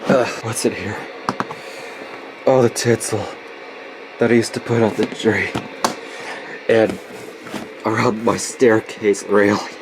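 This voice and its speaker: A man's voice: fairly low pitch, fairly even intonation, measured pace, long pauses. A man in his twenties vlogging at home in a closet, gloomy and nostalgic, often swearing as he complains. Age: 20s. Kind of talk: casual vlog. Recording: noisy home recording.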